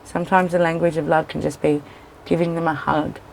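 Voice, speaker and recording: A woman with a deep, low voice talks through a casual tarot reading on camera. She rambles and breaks off mid-thought, openly emotional and a little teary as she goes. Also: little pitch movement, a little fast, creaky, darkish tone, slight background noise. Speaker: tarot reader. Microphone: camera in front of a seated speaker.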